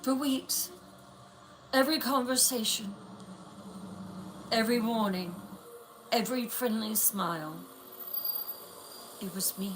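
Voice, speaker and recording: A woman voicing a sinister shapeshifting witch with a Scottish accent, speaking in a hushed, menacing whisper. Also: a little high, takes it slowly, pauses often, background noise, pitched above the performer's own voice. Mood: gloating.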